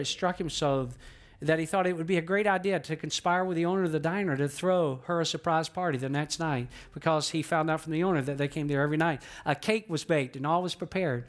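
A man preaching a sermon as pastor, earnest, with many rhetorical questions to the congregation. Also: a little high. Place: church auditorium in a theater.

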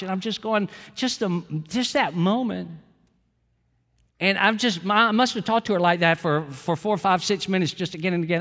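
A man's voice: high-pitched, normal speed, a bit bright, in a large hall. A middle-aged man preaching a sermon as pastor, earnest and storytelling, repeating phrases for emphasis.

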